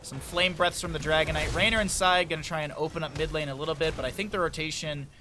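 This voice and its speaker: A man casting a live esports match, calling fast play-by-play and wandering into chatty asides he shares with his chat. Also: on the high side, noisy background. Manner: excitable, rambling asides between fast play-by-play; chatty, talks directly to chat. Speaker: esports caster.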